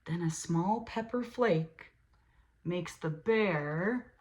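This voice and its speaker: A woman reading a children's picture book aloud as host, animated, with playful sound effects and asides to her listeners. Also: fairly low pitch, very slow, a little hiss or hum. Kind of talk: storybook read-aloud for children.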